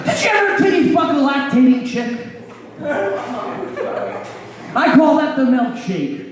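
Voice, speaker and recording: A man performing a live stand-up set of crude one-liners, delivered deadpan with a dry "you're welcome" tag. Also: extremely high pitch, measured pace. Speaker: stand-up comedian. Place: comedy club stage before a laughing audience. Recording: echoey room, distant mic, crowd laughter.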